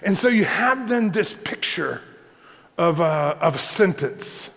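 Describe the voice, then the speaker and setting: Male pastor, conversational sermon, high gravelly voice, reverberant hall. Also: animated, slow, fairly bright tone. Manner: conversational preaching, repeats points, asks the congregation "right?".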